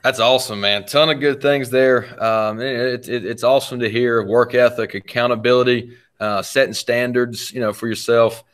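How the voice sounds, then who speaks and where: This is a man with a mid-pitched voice hosting a casual interview. He encourages his guest and recaps what was said before he asks his next question. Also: fairly even intonation, moderate pace, few pauses, a bit bright. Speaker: podcast host.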